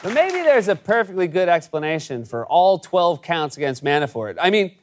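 Man, comedy news monologue, sarcastic punchlines, high animated voice. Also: moderate pace, a faint crowd. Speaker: late-night comedy host. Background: studio audience laughter.

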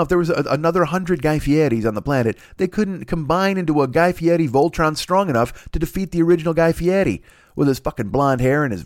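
A man's voice: medium pitch, dry recording, studio quality. A man hosting a comedy podcast, ranting in a rambling, profane way with many restarts and sudden jumps in energy. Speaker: podcast host.

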